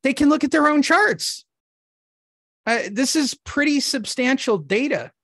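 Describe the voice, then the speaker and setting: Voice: high voice, expressive, measured pace, a bit bright, dry recording. Enthusiastic interview host, dry close sound. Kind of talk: casual conversational interview.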